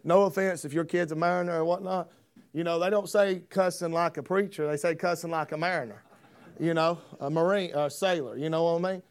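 Pastor, high voice, homespun preaching that swells to fervor. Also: male voice, a little fast, smooth. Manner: folksy, rising to fervent preaching. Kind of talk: sermon.

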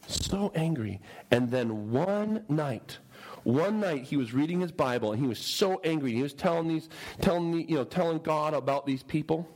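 A male preacher tells a story in a sermon, swinging his intonation widely in a slightly high voice. He is humorous and animated, often turning to his listeners with questions. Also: normal speed, low-quality recording.

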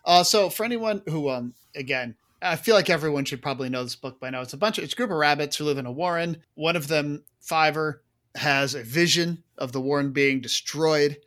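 Podcast co-host, man, slightly high voice, casual and chatty, lots of asides. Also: fairly quick. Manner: animated, lots of fillers and asides. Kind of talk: casual chat.

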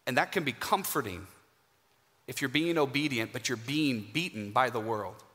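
A man preaching a sermon in a church, emphatic and dramatic, with pauses for effect. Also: mid-range voice, expressive, bright, forceful tone. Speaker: guest preacher. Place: church sanctuary. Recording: hall reverb.

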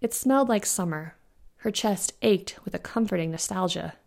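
A woman, the author, reading her own fantasy novella aloud in an even, unhurried storytelling manner. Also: mid-range voice, creaky. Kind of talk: audiobook-style fiction narration.

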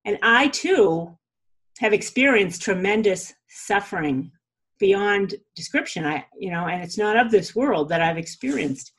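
Husky-voiced woman chatting about spirituality, laughs a lot, loose and talky. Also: mid-range voice, animated, a little slow. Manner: chatty, laughs often, says "you know" and "like". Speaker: spiritual teacher. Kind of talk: casual teaching talk.

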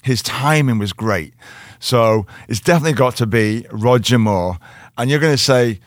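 A man with a Liverpool accent telling an animated story as a guest and acting out the quotes in other voices. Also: mid-range voice, moderate pace, no room sound, studio quality. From Liverpool, England. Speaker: actor guest. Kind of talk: casual chat, storytelling.

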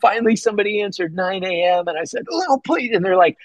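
A man telling a hunting story as a podcast guest, excited and rambling, with many fillers and restarts. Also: very fast, no echo, rough recording. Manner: acts out his own past words with big pitch jumps. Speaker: podcast guest, bowhunter and pastor. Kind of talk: casual storytelling in an interview.

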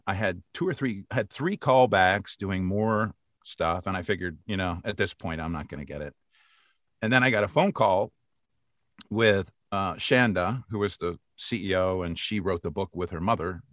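An older man, a voice actor, tells stories with lots of energy, often laughing and acting out what people said. His lowish voice has a bright edge and sounds close and dry. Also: no room sound. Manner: animated, laughs often, acts out quotes. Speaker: voice actor guest. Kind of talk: casual interview storytelling.

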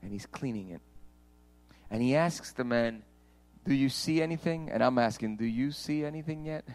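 A man preaching a sermon as pastor, swinging from hushed pleading to loud, passionate declarations. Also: mid-range voice, moderate pace, soft background music, poor audio.

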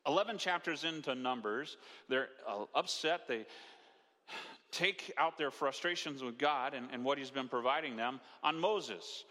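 A man's voice: mid-range voice, measured pace, pushed and bright. A male pastor preaching a sermon in a conversational way, asking rhetorical questions and acting out quotes. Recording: long hall reverb.

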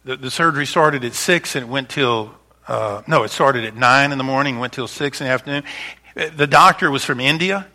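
A man preaching a sermon as pastor, talking in a loose, conversational way with frequent restarts, rising loud for emphasis and dropping to soft, hushed passages. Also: mid-range voice, a little fast.

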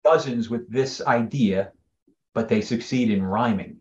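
A man's voice: medium pitch, unhurried, darkish tone. Emphatic man on slightly dull audio. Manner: emphatic, critical. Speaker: podcast co-host. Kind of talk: casual chat.

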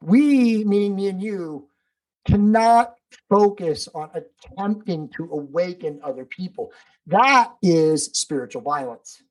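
Guy on a podcast call, husky voice, preachy and fired up, swears a lot. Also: sits high, lively intonation, slow, rough recording. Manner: emphatic, profane, preachy. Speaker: podcast guest. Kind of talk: casual conversation.

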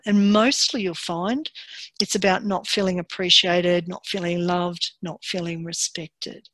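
A woman giving a workshop presentation in a calm, measured and encouraging way. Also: medium pitch, no room sound.

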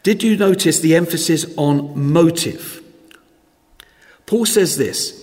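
A man preaching a sermon in church, measured and emphatic, posing rhetorical questions to his congregation. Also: fairly high pitch, darkish tone, in a large hall.

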